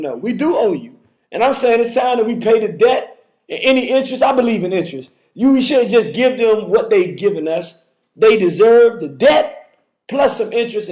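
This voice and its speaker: A man's voice: sits high, a little mellow. A man hosting a call-in show, talking fervently with a repetitive, preacher-like cadence. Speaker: radio call-in host.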